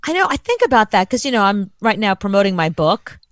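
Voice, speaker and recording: A woman co-hosting a casual podcast chat, animated and quick to laugh. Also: medium pitch, dry recording. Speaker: co-host.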